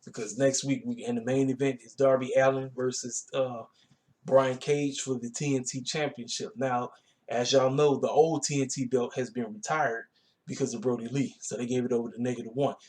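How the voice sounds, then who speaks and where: A man talks through a wrestling show in a loose, rambling recap, full of fillers and slang. His voice sits at an ordinary middle pitch colors the easygoing delivery. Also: flat delivery, normal speed, a little mellow. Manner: laid-back, colloquial, rambling with fillers.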